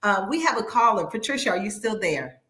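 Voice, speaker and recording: A woman's voice: mid-range voice, lively intonation, fairly quick, fairly bright tone. A woman hosting a talk radio show, enthusiastic and effusive with callers. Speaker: radio host.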